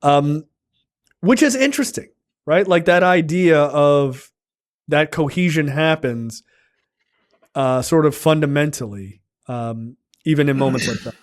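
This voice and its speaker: A man's voice: fairly high pitch, measured pace. A man co-hosting a film podcast, retelling movie scenes in a loose, profane casual chat full of fillers. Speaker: podcast co-host reviewing a film.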